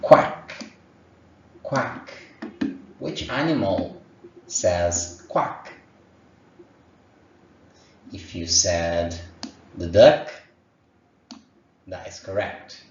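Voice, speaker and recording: A male teacher speaks slowly and patiently to young children, his low voice encouraging. He sits a little back from the mic, and the dull recording carries a roomy echo. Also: animated, a little mellow, slight background noise. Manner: slow, encouraging, sounds out animal noises. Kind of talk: online lesson for young children. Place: room at home. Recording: echoey, distant, dull home recording.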